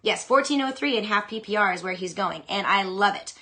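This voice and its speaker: A young adult woman hosting a fantasy football show, chatting casually and with strong opinions as she answers listener questions. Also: mid-range voice. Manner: chatty, opinionated, animated, with quick asides. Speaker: fantasy football podcast host.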